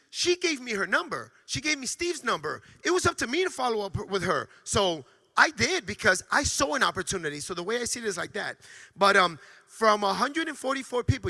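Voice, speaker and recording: Bright, gravelly-voiced man giving a pep talk. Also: sits high. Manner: energetic and emphatic, with frequent stammered restarts. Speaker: sales trainer speaking to a team. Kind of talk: motivational corporate training talk.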